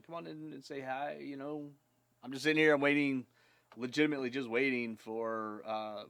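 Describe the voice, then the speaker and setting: A man hosting a casual live stream, chatting in a rambling way with lots of fillers. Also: medium pitch.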